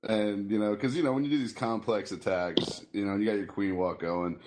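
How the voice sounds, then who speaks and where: A man hosting a gaming podcast with a somewhat low voice. He tells stories in an animated, profane way and laughs often. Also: a little fast, background noise. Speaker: podcast host. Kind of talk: casual gaming chat.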